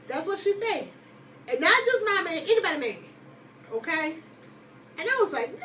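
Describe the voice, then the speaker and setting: A woman host casually telling a personal story to her listeners, lively and chatty, often laughing and calling them y'all. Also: sits high, moderate pace, far from the mic, a little hiss or hum, poor audio.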